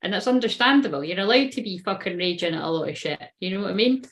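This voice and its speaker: A woman's voice: mid-range voice, animated, fast talker. Chatty, sweary woman tarot reader. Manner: chatty, swears constantly, often laughs at herself. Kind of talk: casual tarot reading monologue.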